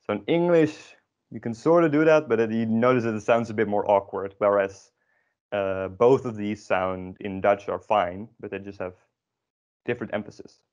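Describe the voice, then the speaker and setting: A man's voice: fairly low pitch, steady tone, normal speed, darkish tone, muffled recording. A man teaching an online grammar lesson, explaining patiently with many ums and restarts. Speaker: Dutch language teacher.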